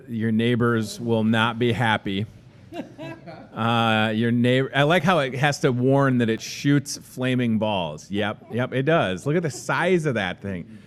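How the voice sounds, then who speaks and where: A man hosts a casual store show from inside a grocery store's restaurant. He talks in a chatty, folksy, upbeat way, and his pitch sits in the middle range. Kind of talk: casual store announcements and interview.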